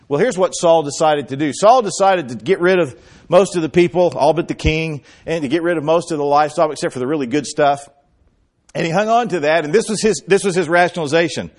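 A man preaching a sermon, retelling scripture as a lively story and acting out the quoted lines, with bursts of emphasis. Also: a little high, moderate pace. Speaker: pastor.

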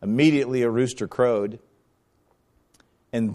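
A middle-aged pastor preaching a sermon, his voice sitting a little high for a man. He acts out the quotes with big swings in pitch and volume. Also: animated, moderate pace.

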